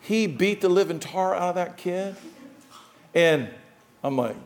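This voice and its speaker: A man preaching a sermon as pastor, animated, with dramatic swings in loudness and emphasis. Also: on the high side, unhurried, pauses often.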